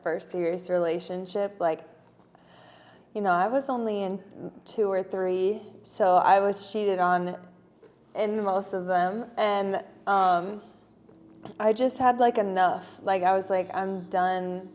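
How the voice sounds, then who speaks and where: A woman's voice: fairly low pitch, steady tone, takes it slowly, a little mellow. A woman in her twenties co-hosting a podcast, talking frankly in a casual, chatty way. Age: 20s. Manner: chatty, frank, many "like" fillers. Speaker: podcast co-host. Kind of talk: casual chat.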